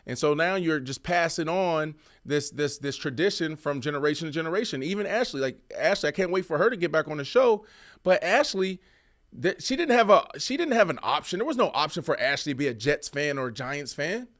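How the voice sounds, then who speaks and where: A man's voice: fairly high pitch, fairly quick. A man in his thirties, a former wide receiver co-hosting a sports show, arguing his points emphatically in casual debate. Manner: emphatic, animated, repeats himself.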